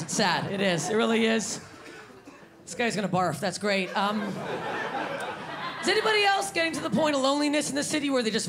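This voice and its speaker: A brash woman comedian from Canada, in her 30s, does a stand-up set on a comedy stage before a live audience, using a handheld microphone. Her gravelly voice is fairly high, her humor self-deprecating, and her punchlines loudly shouted amid audience and background noise.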